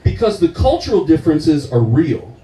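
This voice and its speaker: A man performing stand-up comedy with profane, animated storytelling. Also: on the high side, normal speed, reverberant, distant mic, poor audio. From United States.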